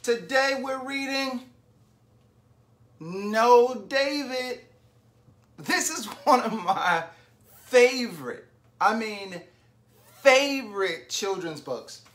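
A woman's voice: on the high side, lively intonation, drawn-out words, pauses often, fairly bright tone. A woman reading a picture book aloud to young children, stopping often to ask them questions and invite them to join in. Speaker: children's story reader.

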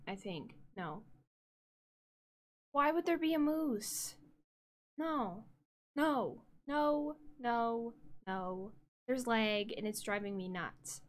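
Flustered, chatty woman streamer. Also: on the high side. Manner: chatty, flustered, talks to viewers directly. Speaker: livestreamer. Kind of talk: casual live-stream chat.

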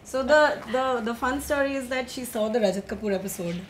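A woman hosts a relaxed book podcast. Her voice sits slightly high, and she keeps the chat playful with teasing jokes and quick anecdotes. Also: a little hiss or hum. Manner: jokey, teasing storyteller. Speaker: podcast host.

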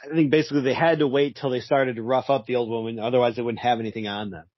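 Husky-voiced man, wry and laughing. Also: mid-range voice, fairly even intonation, very fast, no room sound, dull audio. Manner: wry, laughs often, short agreeing replies. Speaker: podcast co-host. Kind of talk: casual comic book discussion.

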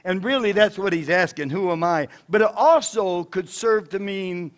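High-voiced pastor preaching with rising fervor. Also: male voice, moderate pace. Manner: emphatic preaching, swinging between loud declarations and soft asides. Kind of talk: sermon. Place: church sanctuary.

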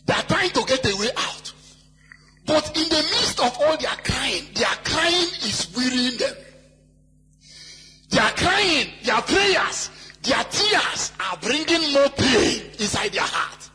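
A male pastor preaching a sermon, reading scripture slowly and shouting key phrases, at times mimicking wailing worshippers in a sing-song cry. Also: extremely high pitch, big pitch swings. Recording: live hall with long reverb and faint music.

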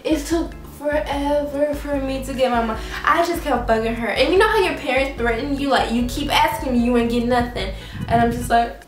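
A young woman vlogger telling a story in an animated, dramatic way, acting out her mother's lines and laughing often. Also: sits high, fairly quick. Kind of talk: casual storytelling vlog. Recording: echoey room, mic at a distance, faint music.

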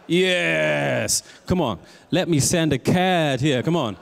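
A man's voice: fairly high pitch, expressive, takes it slowly, vocal fry, big-room sound. A man with a German accent hosting an awards night on a theatre stage, playful and teasing, switching between English and German. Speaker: awards show host. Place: theatre stage before a live audience.

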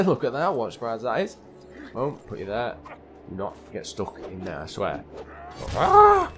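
A young man giving chatty, excitable commentary while playing a video game, often calling his viewers lads and mate. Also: medium pitch, slight background noise. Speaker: gaming channel host. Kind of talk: let's play gameplay commentary.

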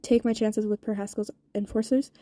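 A woman reading a novel aloud, quick, with small stumbles and restarts. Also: medium pitch, steady tone, warm tone. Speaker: audiobook reader.

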